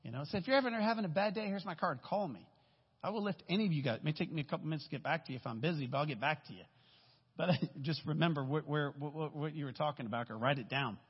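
Guest preacher, 50s, male, folksy storytelling delivery, slightly high husky voice, echoey hall. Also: fast. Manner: casual, storytelling, folksy asides. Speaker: guest speaker. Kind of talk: conversational sermon. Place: church sanctuary. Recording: echoey hall, dull lo-fi sound.

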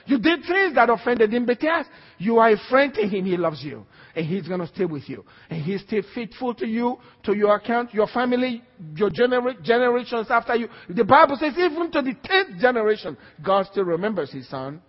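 A man's voice: high-pitched, slightly rough. A man preaching a sermon with emphatic repetition and call-and-response to the congregation. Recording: dull, echoey hall recording.

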